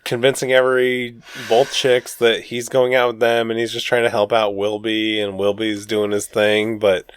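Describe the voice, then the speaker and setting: A man's voice: on the low side, monotone, normal speed, few pauses, clean tone. A man co-hosting a podcast, chatting casually through a film recap with a wry, joking manner. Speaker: podcast co-host. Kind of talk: casual movie recap chat.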